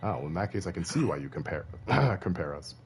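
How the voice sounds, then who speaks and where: A man's voice: sits low, very animated, a little fast, slight background noise. A man streaming a horror video game, chatting casually with his viewers, playfully boastful and laughing often. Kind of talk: casual live-stream commentary.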